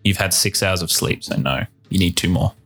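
A man's voice: low-pitched, normal speed, a bit bright, soft background music. A man narrating as game master of a tabletop game, describing scenes steadily.

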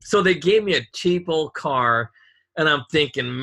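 Man, angry profane rant, bright edgy voice, husky. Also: a little high, expressive, unhurried. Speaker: storyteller in a casual conversation. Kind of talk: casual chat.

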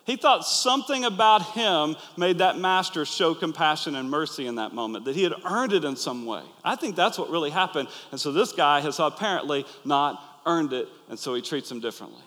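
A pastor preaching an earnest, animated sermon to his listeners, acting out the quoted lines. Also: on the high side, fairly quick, hardly any pauses. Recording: long hall reverb.

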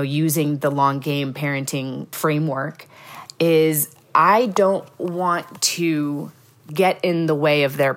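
A woman, a mother, chatting casually on a parenting podcast and telling stories about her child, laughing often. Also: low-pitched.

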